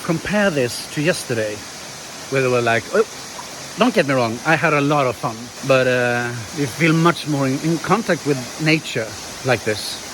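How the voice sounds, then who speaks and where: Man, casual travel vlog, enthusiastic, talks to viewers, phone mic outdoors, loud rushing water behind. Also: mid-range voice, animated, background noise. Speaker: travel vlogger. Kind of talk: casual vlog chat to camera. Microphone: handheld phone.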